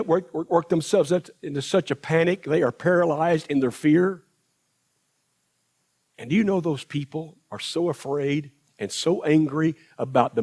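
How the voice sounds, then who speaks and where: A man preaching a sermon in a church, repeating phrases for emphasis, asking the congregation rhetorical questions and acting out quotes. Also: fairly high pitch. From United States. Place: church sanctuary.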